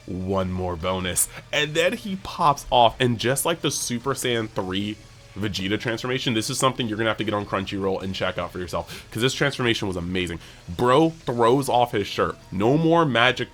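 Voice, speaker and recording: A man hosting a casual anime episode breakdown, talking excitably and peppering his speech with "like". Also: lowish voice. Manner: excitable, heavy use of "like". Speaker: anime channel host.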